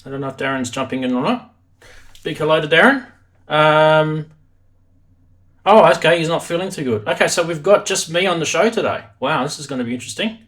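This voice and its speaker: A man's voice: a little high, expressive, a little fast, a bit bright. An Australian man hosting a live stream from his home studio, chatting casually in a self-deprecating way.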